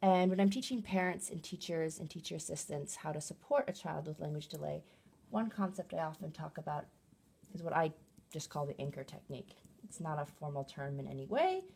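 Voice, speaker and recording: A woman speech therapist explaining a teaching technique in a clear, patient, demonstrative way. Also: low-pitched, animated, brisk, darkish tone. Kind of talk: educational explainer talk.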